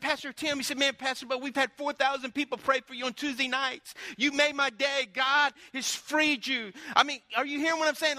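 Folksy high-voiced male pastor preaching. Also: bright, forceful tone, no room sound. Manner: folksy, storytelling preacher calling out to the congregation. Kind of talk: sermon.

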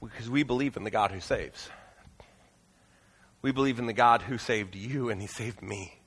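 A pastor preaching a sermon in a church auditorium, earnest and pleading, moving into prayer. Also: male voice, mid-range voice, moderate pace, a bit bright, breathy edge, in a large hall.

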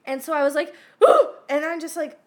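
A woman hosting a podcast in casual chat, telling stories in an animated, playful way. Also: high voice, fast talker. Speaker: podcast host.

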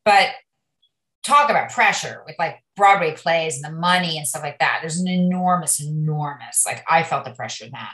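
Woman, middle-aged, low-pitched, chatty guest, rambling stories, echoey room. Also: moderate pace, a bit bright. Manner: chatty, rambling storyteller with many restarts. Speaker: guest actress. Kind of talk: casual interview chat.

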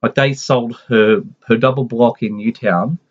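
A man's voice: medium pitch, steady tone, unhurried. A man in his forties telling a family story in a casual, rambling way, full of restarts and asides. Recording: dull lo-fi sound.

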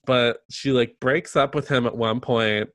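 A man's voice: mid-range voice, fairly even intonation, a little slow, a bit bright, no echo. Man, podcast co-host, snarky, blunt, casual chat, dry close sound.

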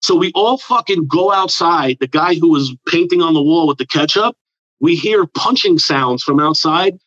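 A man's voice: on the high side, normal speed, dry recording. Profane New man telling a story. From New York area. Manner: profane, rambling, animated with put-on quotes. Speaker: comedian guest. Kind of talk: casual storytelling. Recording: dull lo-fi dry sound.

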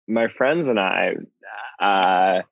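A man's voice: low voice, drawn-out words, gravelly, no echo, highs cut off. A man chatting as a podcast guest, playful and rambling, full of fillers and restarts. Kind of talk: casual chat.

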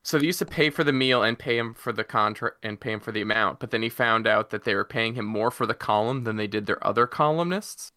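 A man's voice: lowish voice, quick pace, hardly any pauses, pushed and bright. A man from Canada co-hosting a casual livestream chat, telling joking stories. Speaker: co-host.

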